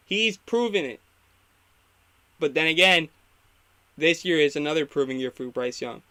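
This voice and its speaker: A man's voice: fairly high pitch, sharp tone. A young man hosting a casual live football reaction, opinionated and rambling, getting fired up when he critiques the coaching. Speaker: sports talk host.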